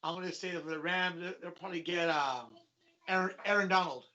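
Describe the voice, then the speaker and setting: A man's voice: high voice, fast, pushed and bright, highs cut off. A man co-hosting a sports podcast, guessing hesitantly with many fillers. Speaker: co-host. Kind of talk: casual sports chat.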